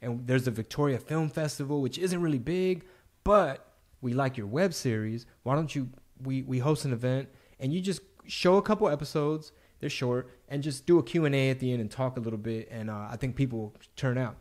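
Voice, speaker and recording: A man hosting a podcast in casual chat, telling relaxed stories about his start in comedy. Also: mid-range voice, a little fast. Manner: relaxed, chatty, tells his own stories. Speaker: podcast host.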